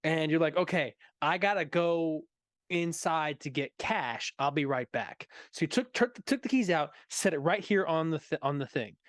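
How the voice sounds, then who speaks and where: A man's voice: a little high, lively intonation, moderate pace, fairly bright tone, dry recording, clean studio sound. Laughing man telling a story. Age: 30s. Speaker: co-host. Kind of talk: casual chat.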